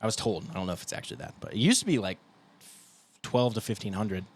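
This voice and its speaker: A man's voice: lowish voice, sing-song, quick pace, a little hiss or hum. A young man co-hosting a podcast, talking in a loose, rambling, casual way and breaking into goofy slurred voices now and then. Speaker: podcast co-host, guitarist. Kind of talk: casual chat.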